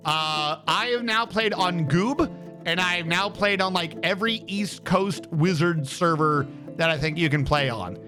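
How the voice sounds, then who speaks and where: A man telling a story on a casual live stream, animated and swearing freely, acting out what others said. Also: sits high, unhurried, music in the background.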